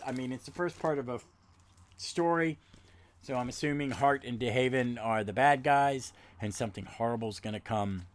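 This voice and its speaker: A man hosting a podcast, retelling a comic book plot in a rambling, halting way with many restarts. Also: medium pitch. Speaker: podcast host. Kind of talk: casual comic book recap.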